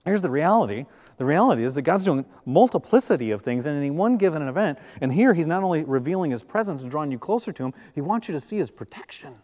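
A man preaches in a higher-pitched voice, keeping it conversational and joking, sometimes acting out short quotes. His voice rings out with long reverb, as if in a large church hall. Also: lively intonation, fast, a little mellow. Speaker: pastor. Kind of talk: sermon.

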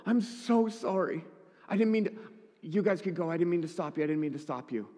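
A man's voice: sits high, lively intonation, fairly quick, mellow, pitched above the performer's own voice. Brief: male preacher putting on a tearful young woman, raised pleading voice, repeating apologies, long hall echo. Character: distraught crying young woman, apologizing over and over. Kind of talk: sermon. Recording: echoey hall.

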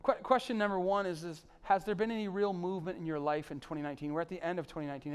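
Pleading preacher man, slightly high voice. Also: steady tone, fast, few pauses, clean tone. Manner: pleading, rising to emphatic peaks then dropping soft. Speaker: pastor. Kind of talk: sermon.

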